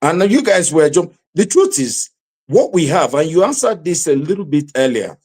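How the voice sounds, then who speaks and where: A man's voice: on the high side, big pitch swings, moderate pace, darkish tone. A man from Nigeria hosting a panel talk show, hedging with lots of "you know" as he steps into the debate.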